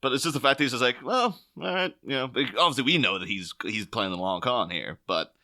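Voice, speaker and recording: A man's voice: mid-range voice, quick pace, sharp tone. A man hosting a podcast in casual film chat, rambling and laughing often.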